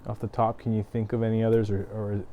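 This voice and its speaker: A man's voice: on the low side, little pitch movement, fast talker, lo-fi sound. A man with a Midwestern American accent, chatting casually and thoughtfully in a comic shop as co-host. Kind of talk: casual chat about games and comics.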